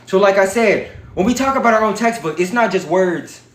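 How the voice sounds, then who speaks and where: A man hosting a livestream, talking in an animated, profane, preachy way. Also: high voice, brisk, reverberant. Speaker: livestream host. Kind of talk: casual livestream talk.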